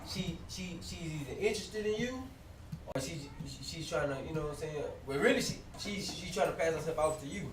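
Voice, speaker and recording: A man's voice: fairly high pitch, brisk. A man in a religious group discussion telling stories from his own life in casual, slangy talk. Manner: casual storytelling, loose slang. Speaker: group member. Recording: roomy sound from a distant mic, faint noise.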